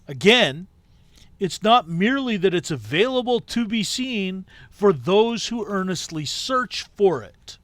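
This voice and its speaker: Slow, high-voiced man reading aloud. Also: very animated, fairly bright tone, no echo. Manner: measured reading, breaks into casual asides. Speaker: podcast host. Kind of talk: reading a book aloud with commentary.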